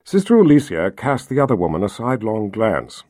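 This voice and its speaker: A male narrator reading a fantasy novel aloud, expressive and engaged. His pitch rises and falls a great deal. The recording is dry and close, with no room sound. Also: brisk, hardly any pauses, no room sound. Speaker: audiobook narrator. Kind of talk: scripted narration.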